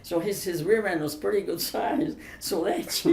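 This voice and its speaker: A woman's voice: lowish voice, takes it slowly, creaky, darkish tone. An older woman in a casual interview, telling family stories in a chatty, emphatic way. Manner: chatty, emphatic, laughs through her stories. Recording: roomy, distant mic, faint background hiss.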